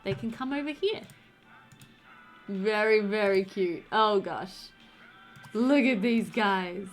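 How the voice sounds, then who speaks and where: A woman's voice: medium pitch, takes it slowly, faint music behind. A young woman casually commenting on her life-sim gameplay, chatty and doting, cooing over the pets with frequent laughter. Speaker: let's play host.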